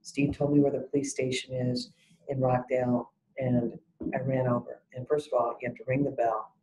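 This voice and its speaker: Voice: medium pitch, level tone, normal speed, mellow, a little hiss or hum, low-quality recording. A salon business educator giving an e-learning webinar talk, emphatic and fond of telling stories. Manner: emphatic, tells stories and acts out exchanges.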